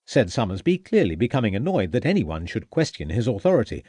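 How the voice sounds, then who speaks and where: A male audiobook narrator reading a period mystery with a lively, varied pitch. The recording is close and dry, with no room sound. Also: fairly quick, few pauses, no echo.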